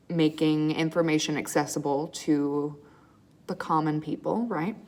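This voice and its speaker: A woman teaching a history lesson over slides in a relaxed, chatty way, often checking in with "okay?" and filling pauses with ums. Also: low-pitched. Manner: casual, checks in with "okay?" and "right?"; frequent ums and uhs, restarts. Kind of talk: recorded slide lecture.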